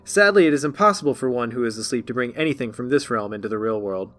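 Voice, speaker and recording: A man voicing an eager young writer who speaks with boyish excitement. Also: mid-range voice, quick pace, natural voice. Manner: bright, excited and animated.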